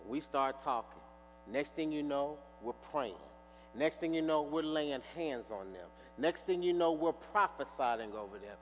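A man's voice: a little high, a little slow. A man preaching a sermon, telling stories and acting out the dialogue with animation. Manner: animated storyteller, acts out dialogue. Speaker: pastor. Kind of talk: sermon with storytelling. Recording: reverberant hall with faint mains hum.

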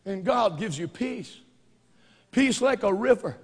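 A man's voice: high-pitched, animated, a little slow, breathy edge. Fervent preacher man in a reverberant hall. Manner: fervent, swings from quiet storytelling to shouting. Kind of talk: sermon.

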